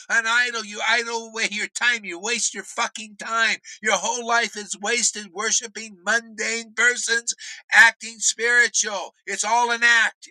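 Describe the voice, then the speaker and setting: Man, high pitch, slow, bright cutting tone, blunt profane spiritual teacher, dry sound. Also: fairly even intonation, no room sound, low-quality recording. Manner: blunt, profane, swings between shouting and low muttering. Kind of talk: informal preaching rant.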